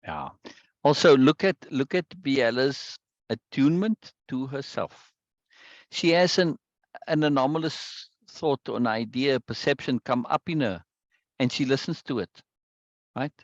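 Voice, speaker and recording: A man's voice: medium pitch, measured pace, dry recording. Man, discussion leader unpacking a text, restless restarts, checks in with "right?", dry and muffled sound. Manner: repeats words, asks "right?" often. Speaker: teacher leading a book discussion. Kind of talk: explaining a text aloud.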